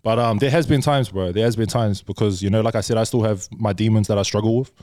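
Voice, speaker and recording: Speaking quickly in a fairly low, dark voice, this young podcast guest shares candid, casual stories about his life. He swears a lot and says bro constantly. The recording is dry and studio-clean.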